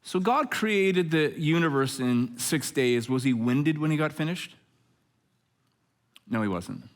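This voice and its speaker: A middle-aged man preaching a conversational sermon as pastor, telling stories with jokes and lively asides. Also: a little high, a little slow. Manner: jokey, animated storytelling with asides.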